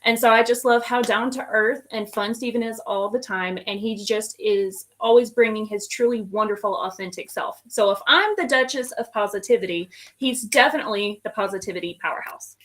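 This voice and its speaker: A woman speaking as a guest on a casual online show, mid-pitched and sincere. She describes a friend with heartfelt admiration. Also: brisk, few pauses, a bit bright.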